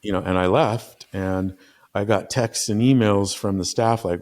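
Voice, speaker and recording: A man's voice: lowish voice, fairly even intonation, normal speed, a little mellow. A middle-aged man, a podcast guest and business consultant, telling stories earnestly with frequent restarts. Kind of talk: conversational storytelling.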